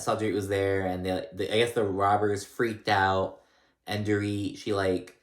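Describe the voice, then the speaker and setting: A man's voice: lowish voice, reverberant. A man casually recapping a reality TV episode, rambling with lots of fillers and restarts. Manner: rambling, filler-heavy storytelling.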